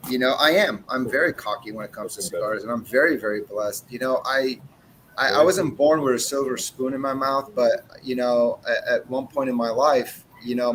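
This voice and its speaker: A man in his forties talking in a loose, blunt, profane way, slipping into quick voices as he acts out his back-and-forth with customers. His voice sits at an ordinary middle pitch, and a faint low rumble hums under it on what sounds like a video call. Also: a bit bright, low-quality recording. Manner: blunt, swears freely, acts out dialogue with customers. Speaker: cigar brand owner, podcast guest. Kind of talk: casual chat.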